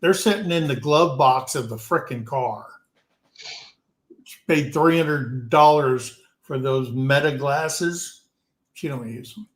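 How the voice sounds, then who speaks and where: A man's voice: mid-range voice, takes it slowly. A man from the United States hosting a casual live-stream chat, rambling along with plenty of ums and restarts. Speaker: show host. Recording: roomy echo.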